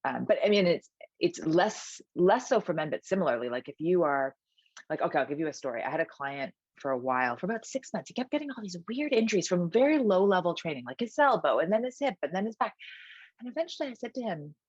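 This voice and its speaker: A woman's voice: on the low side, big pitch swings, fast talker, slightly rough, dry recording, highs cut off. A woman personal trainer talking energetically as a podcast guest, emphatic and full of "like" fillers and restarts. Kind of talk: conversational podcast interview.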